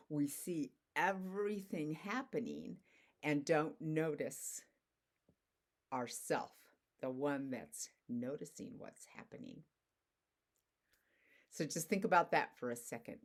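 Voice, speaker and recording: A woman teaches in a relaxed, conversational way, with casual fillers between thoughts. Her voice sits notably low for a woman. She explains ideas through simple stories. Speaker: spiritual teacher.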